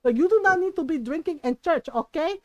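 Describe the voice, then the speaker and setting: A woman voicing her furious mother, who scolds and swears in loud whispers. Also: extremely high pitch, lively intonation, a little fast, no echo. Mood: furious hissing.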